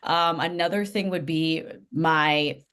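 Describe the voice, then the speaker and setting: A woman's voice: low-pitched, slow, fairly bright tone, smooth. A woman from the US West Coast, a nonprofit CEO answering podcast interview questions in an earnest, reflective storytelling manner. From Los Angeles, US West Coast.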